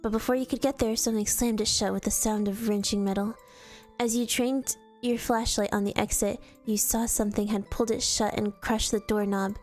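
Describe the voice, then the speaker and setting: A woman's voice: on the high side, steady tone, brisk, a little mellow, soft background music. A woman streamer reading a fan story aloud in a storytelling voice, sometimes stumbling and restarting words. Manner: storytelling read-aloud with casual slips and restarts.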